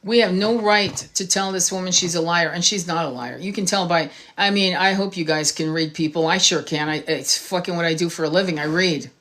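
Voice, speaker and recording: A woman's voice: on the low side, fairly quick, few pauses, a bit bright. A woman tarot reader giving an impassioned monologue to her viewers, blunt and heated, swearing freely.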